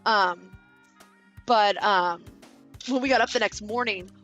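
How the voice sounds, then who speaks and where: A woman's voice: mid-range voice, takes it slowly, a bit bright, highs cut off, faint music behind. A woman in her thirties from Kansas, chatting casually with viewers and telling a long rambling story with lots of fillers and casual swearing. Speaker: vlogger. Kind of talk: casual chat while building.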